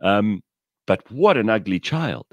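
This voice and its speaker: A man's voice: lowish voice, takes it slowly, no echo. A man telling blunt, irreverent stories in a casual chat. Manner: animated storyteller, blunt and irreverent. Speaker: podcast co-host.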